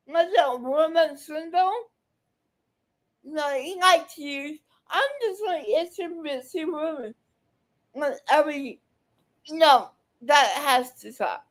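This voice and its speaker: Angry woman reaction commentator, high voice, slow and scolding, heavy profanity. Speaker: video commentator reacting to clips.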